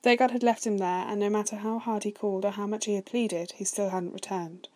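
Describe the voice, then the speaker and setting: Soft-spoken woman narrator, steady read-aloud, mid pitch. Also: fairly quick. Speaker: story reader.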